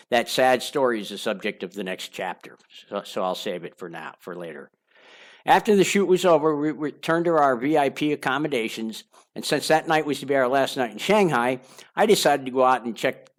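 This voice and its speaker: An older man narrating his own memoir aloud in a candid, confessional way, with wandering asides and small repeats. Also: mid-range voice. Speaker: memoir author reading his own book.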